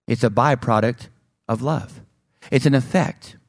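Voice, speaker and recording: A man preaching a sermon as pastor, with an emphatic delivery that swings between loud highs and low, slow lines. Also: no echo, studio quality.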